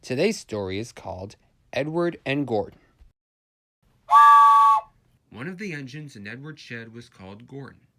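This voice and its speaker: A man reading a children's railway story aloud, with expressive storybook narration. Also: mid-range voice, moderate pace.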